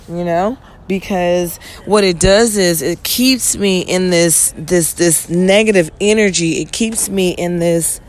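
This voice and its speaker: Yawning again and again, this podcast host rambles through a casual, foul-mouthed monologue, speaking bluntly. Her fairly low voice moves a little slowly but with hardly any pauses, and there's slight background noise.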